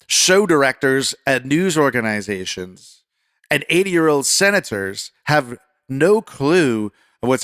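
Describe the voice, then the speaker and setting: A man hosting a political commentary podcast, talking conversationally and getting fired up, then settling into calm reassurance. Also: mid-range voice, smooth, no echo, clean studio sound. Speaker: podcast host.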